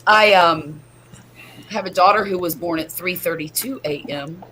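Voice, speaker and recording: A woman's voice: fairly low pitch, normal speed, a bit bright, a little hiss or hum, rough recording. A woman, hosting a chatty livestream from home and laughing often. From US Gulf Coast. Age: 50s. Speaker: livestream host. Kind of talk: casual livestream chat.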